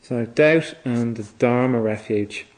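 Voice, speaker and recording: Reflective, halting male Buddhist teacher. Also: mid-range voice, a little mellow. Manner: reflective, halting, with frequent repeated restarts. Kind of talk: dharma talk.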